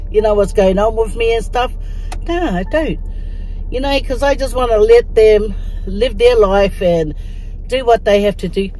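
A woman's voice: on the high side, moderate pace, warm tone, a little hiss or hum, rough recording. An older woman chatting casually to her vlog while sitting in a car, laughing often and dropping words into her English. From Samoa. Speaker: vlogger.

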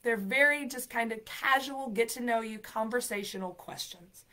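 A woman's voice: fairly high pitch, normal speed, sharp tone. Upbeat, encouraging woman teaching live. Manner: talks straight to viewers, reads out comments. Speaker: ESL program coordinator. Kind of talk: live-streamed lesson.

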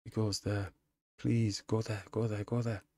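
A man's voice: fairly low pitch, level tone, unhurried, warm tone. A man commenting casually on his own chess game, muttering frustrated remarks to himself. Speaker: chess streamer.

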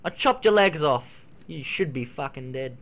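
A man's voice: on the high side, moderate pace. A man giving loose let's play commentary over a horror game, swearing, yelping at scares and humming along while he plays. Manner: excitable, swearing, yelps and shouts at scares; sings and hums to himself while playing. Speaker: gaming video creator.

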